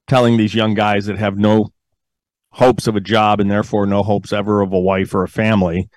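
A man's voice: lowish voice, no room sound. A man hosting a talk radio show, delivering opinionated commentary emphatically and answering his own rhetorical questions on a studio microphone.

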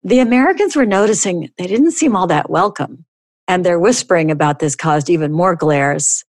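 Low-voiced woman telling a funny story. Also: normal speed, no echo. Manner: animated storytelling, bursts higher for dialogue. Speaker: podcast host. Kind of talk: reading stories aloud.

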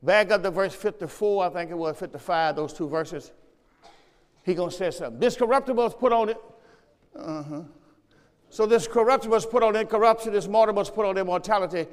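A man with a high voice preaches as a pastor, speaking a little fast as he teaches from scripture. He uses call and response and repeats key phrases, and the recording carries a long church reverb.

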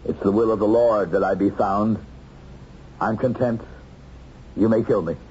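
Brief: actor as a resigned, composed fugitive, low and dark voice, dull vintage TV track. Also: male voice, measured pace, lightly acted. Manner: quiet, composed. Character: unmasked male fugitive, calm and resigned. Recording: dull old TV soundtrack, some noise.

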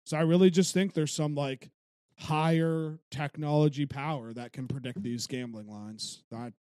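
A man co-hosting a podcast in casual chat, swearing freely and talking in an animated way. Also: a little high, normal speed, no echo, studio quality. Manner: profane, animated, laughs often. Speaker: podcast co-host.

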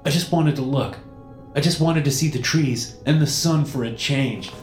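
A man's voice: on the high side, moderate pace, roomy sound, soft background music, voice pushed up, natural voice. A man voicing a defiant seventeen-year-old boy in a horror story reading. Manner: defiant, challenging.

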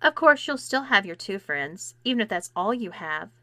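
A woman voicing a bold teenage cheerleader in a storybook reading, loud and blunt. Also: medium pitch, big pitch swings, moderate pace, dry recording. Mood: threatening.

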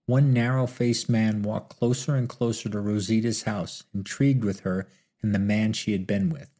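Brief: male audiobook narrator, low pitch, husky tone. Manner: steady, storytelling.

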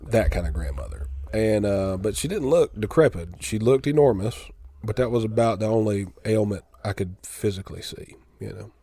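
Deadpan man telling a story. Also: on the low side, moderate pace, hardly any pauses, breathy edge, no room sound. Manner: drawling, deadpan storyteller who acts out both sides of a quarrel. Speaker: podcast co-host. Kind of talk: casual storytelling chat.

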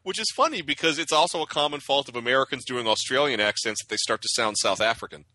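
A man co-hosting a casual movie podcast, making quick, jokey asides. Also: medium pitch, pushed and bright. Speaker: podcast co-host.

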